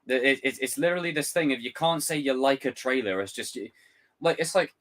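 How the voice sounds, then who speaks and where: A man's voice: mid-range voice, fairly quick, a bit bright. A man hosting a casual live stream, ranting and swearing freely, mimicking others in exaggerated voices. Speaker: YouTube host reacting to a trailer. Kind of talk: casual livestream chat.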